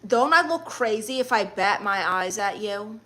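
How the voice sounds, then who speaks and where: A woman's voice: medium pitch, expressive, a little slow, bright, forceful tone. A woman with a Brooklyn accent streaming live, reading viewer comments aloud and answering them with blunt, sassy comebacks. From Brooklyn, New York.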